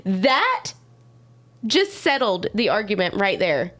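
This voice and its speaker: A woman's voice: mid-range voice, sing-song, slow, fairly bright tone. A woman co-hosting a casual group chat, teasing the others and laughing a lot.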